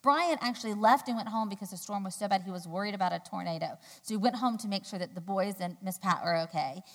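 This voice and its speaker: A woman giving a sermon, telling a personal story in a chatty, animated way with loud, high quoted outbursts. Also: fast. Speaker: church speaker. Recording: long hall reverb.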